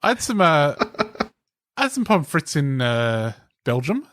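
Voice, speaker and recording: A man's voice: fairly high pitch, big pitch swings, slow, a bit bright, no echo, clean studio sound. A man on a podcast in casual chat, telling wry anecdotes.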